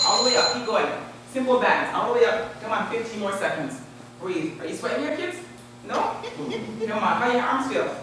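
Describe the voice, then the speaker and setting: A woman fitness instructor leads a live exercise demo with energetic coaching, counting down and urging her group on. Her voice is mid-range at normal speed, captured in an echoey, distant room recording with noise.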